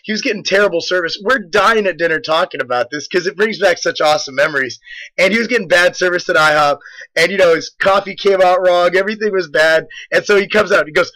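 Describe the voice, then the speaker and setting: Young male fitness vlog host, boastful, jokey storyteller, bright tone. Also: high-pitched, rough recording. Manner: joking, boastful, rambling storyteller. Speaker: fitness supplement company host. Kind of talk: casual gym vlog commentary.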